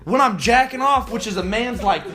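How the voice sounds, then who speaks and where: High-voiced young man telling stories. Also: brisk, roomy sound, music in the background. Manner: animated, swearing, acting out quotes. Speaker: guest. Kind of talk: casual storytelling.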